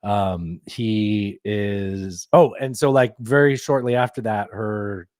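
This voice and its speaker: A man's voice: fairly low pitch, fairly even intonation, slow pace, a little mellow, no echo, studio quality. A man hosting a podcast in casual chat, joking and rambling and often laughing. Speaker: podcast host.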